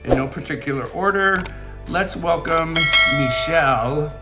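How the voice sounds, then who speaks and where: A man's voice: mid-range voice, animated, slow pace, loud music behind the voice. A man hosting a beading channel, chatting casually from home in a rambling way with lots of fillers, his voice quivering with emotion. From California. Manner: rambling, warm-hearted, many fillers. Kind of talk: casual chatty vlog intro. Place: home, near a fountain and wind chimes.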